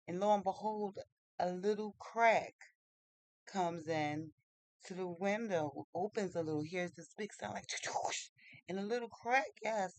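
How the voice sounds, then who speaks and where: A casual storyteller retelling a tale in a mid-pitched voice, halting often and restarting sentences. The grammar is loose and informal. The sound is close and dry. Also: dry recording, rough recording. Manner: halting, many fillers and restarts.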